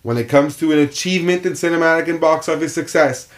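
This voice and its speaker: A man co-hosting a casual film podcast, opinionated and quick to swear. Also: a little high. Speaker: podcast co-host.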